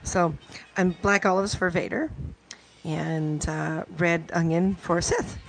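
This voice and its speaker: A woman's voice: on the low side, fairly even intonation, slow, creaky, poor audio. Chatty woman cooking on a live stream. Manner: chatty, lists toppings as she goes. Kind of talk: casual chat while cooking.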